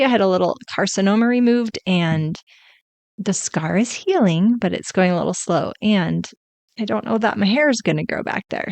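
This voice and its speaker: A woman's voice: mid-range voice, no echo. A woman in her forties hosting a solo podcast as a life coach, talking in a chatty, conversational way. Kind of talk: casual solo podcast talk.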